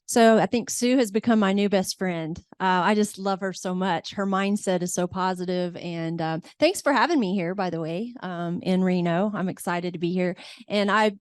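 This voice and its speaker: A woman's voice: fairly low pitch, moderate pace, clean tone, dry recording, studio quality. Chatty middle-aged woman panelist. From Oklahoma. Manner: warm, chatty, with fillers. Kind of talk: seminar panel introduction.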